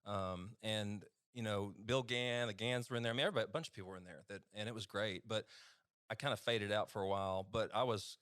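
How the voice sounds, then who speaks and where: A man's voice: fairly low pitch, fairly even intonation, quick pace, a bit bright, clean tone, dry recording, studio quality. A man with an East Texas accent, a physician guest telling a story in a rambling, chatty way with easy laughter. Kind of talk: casual storytelling testimony.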